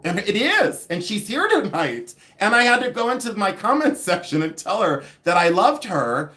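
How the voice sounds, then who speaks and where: Male livestream seller, middle-aged, slightly high voice, gossipy and rambling, laughs a lot. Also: moderate pace, few pauses. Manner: gossipy, animated, laughs often, rambling asides. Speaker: livestream host selling vintage jewelry. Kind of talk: chatty livestream monologue.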